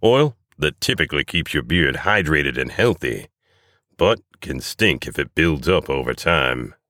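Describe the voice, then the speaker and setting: A man voicing a hospitable barkeep, careful and measured, explaining like a doctor. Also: very deep voice, big pitch swings, bright, forceful tone, no room sound, studio quality, full character voice. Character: hospitable middle-aged male barkeep, careful and wise.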